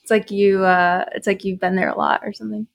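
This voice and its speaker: A woman's voice: medium pitch, little pitch movement, quick pace, vocal fry. A young adult woman casually telling a story, chatty and full of fillers. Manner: chatty, lots of fillers and laughs.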